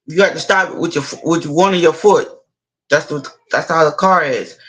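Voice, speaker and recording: His voice is a little high and a bit bright, and the audio quality is poor. The man tells a movie scene in a rambling, casual way, breaking off and repeating himself frequently.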